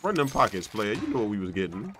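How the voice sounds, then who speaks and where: A man's voice: on the low side, big pitch swings, fast talker, crowd noise. A man streaming a shooter game, teasing his teammates playfully with old-school slang. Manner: playful, teasing, full of retro slang and laughter. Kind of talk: casual gaming commentary.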